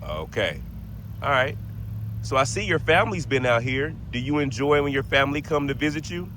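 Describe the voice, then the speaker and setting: A man's voice: mid-range voice, animated, moderate pace, fairly bright tone, slight background noise. A man hosting a paranormal vlog outdoors in a cemetery, chatting in a laid-back way and laughing often. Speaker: paranormal vlogger. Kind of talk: casual spoken vlog.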